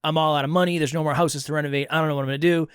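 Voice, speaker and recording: A man's voice: on the high side, racing, smooth, dry recording, studio quality. A young adult man from Massachusetts, co-hosting a podcast in casual chat and acting out dialogue as he tells a story. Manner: animated storyteller, acts out quoted dialogue. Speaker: podcast co-host.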